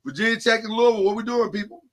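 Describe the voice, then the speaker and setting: A man's voice: sits high, rapid-fire, a bit bright. A man hosting a casual sports podcast, talking emphatically and laughing often. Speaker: podcast host.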